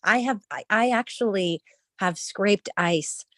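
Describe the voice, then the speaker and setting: A woman chatting on a group voice call, quick and gushing as she talks. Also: medium pitch, fairly bright tone, no room sound. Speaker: call guest. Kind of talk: casual group call chat. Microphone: online voice call.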